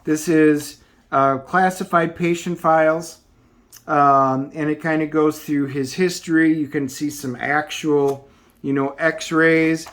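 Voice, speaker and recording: Man reviewer, slightly high voice, loose rambling comic recap full of fillers. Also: steady tone, takes it slowly, a bit bright. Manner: rambling, filler-heavy summarizing. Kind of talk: casual plot recap.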